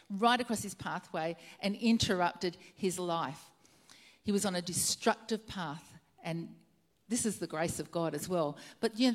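A woman preaching a sermon, retelling a story earnestly and repeating her key phrases for emphasis. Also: medium pitch.

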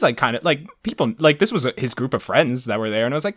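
A man on a podcast tells a funny story in a casual way. He quotes himself in mock-cheery voices, and his pitch moves around a lot. The sound is dry and close. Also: lively intonation, fast talker, few pauses, fairly bright tone, dry recording.

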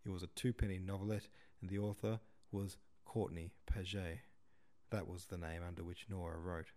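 Male audiobook narrator, steady and measured, deep and mellow. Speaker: podcast host reading a novel.

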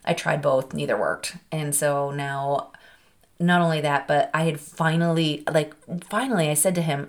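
A woman's voice: deep voice, moderate pace. A woman hosting a podcast, speaking candidly and from the heart in a personal monologue, with a rambling, conversational flow. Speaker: podcast host.

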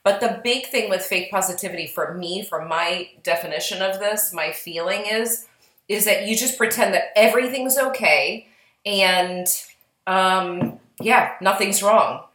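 A woman's voice: medium pitch, a little slow, a bit bright, reverberant, low-quality recording. A woman co-hosting a casual podcast, chatty and reflective, her voice slightly worn. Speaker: podcast co-host, psychic medium.

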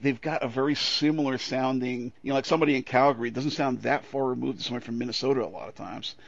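Man, casual podcast chat, animated, profane, gravelly, dry lo-fi sound. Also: medium pitch, fast talker, dry recording. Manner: animated, profane, puts on voices when joking. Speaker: podcast co-host. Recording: dull lo-fi sound.

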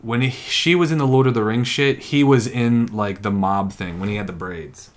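A man's voice: medium pitch, moderate pace. Enthusiastic man stumbling through restarts. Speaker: podcast co-host. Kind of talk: casual chat about a TV series.

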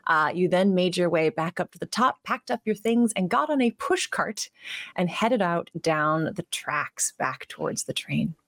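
A woman who is the game master, telling a tabletop story in a relaxed, chatty way and laughing often. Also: lowish voice, a little slow, dry recording, clean studio sound.

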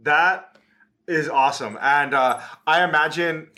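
Slow, bright-voiced male interviewer. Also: a little high. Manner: halting, drawn-out questions. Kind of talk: asking interview questions.

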